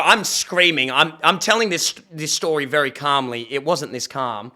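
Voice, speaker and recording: A young man streaming, reacting to videos and telling a story in casual chat, animated and swearing freely. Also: on the high side, normal speed, few pauses.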